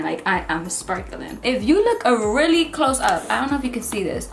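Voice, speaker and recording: A woman with a fairly high voice chats away in a relaxed, excitable way, gushing about makeup. Her voice rings in an echoey room, with soft music playing underneath. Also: normal speed, vocal fry, hardly any pauses. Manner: chatty and excitable, gushing over products. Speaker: beauty vlogger. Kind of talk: casual unboxing and makeup try-on.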